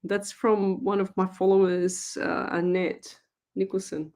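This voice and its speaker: A woman's voice: medium pitch, level tone, unhurried, a little mellow. A middle-aged Australian woman, a psychic medium hosting a live stream, chatting casually, laughing easily and greeting viewers by name.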